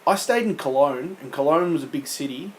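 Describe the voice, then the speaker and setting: A man's voice: fairly high pitch, a little fast, slight background noise, poor audio. A man co-hosting a podcast, reading quiz questions in casual, teasing banter and laughing often.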